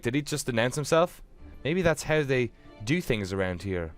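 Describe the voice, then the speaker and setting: A man's voice: medium pitch, sing-song, moderate pace, faint music behind. A man reading a game aloud and joking, often laughing, as casual gameplay commentary. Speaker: let's player.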